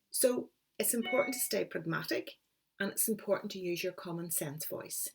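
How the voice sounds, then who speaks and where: A middle-aged woman, giving a calm, encouraging motivational talk as a coach. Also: on the low side, breathy edge. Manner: calm, encouraging, explains step by step.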